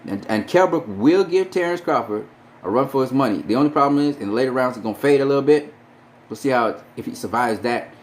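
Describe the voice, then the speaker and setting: A man's voice: medium pitch, lively intonation, quick pace. A man giving a casual, profane opinion monologue as a boxing commentator. He is emphatic and repeats his points for stress.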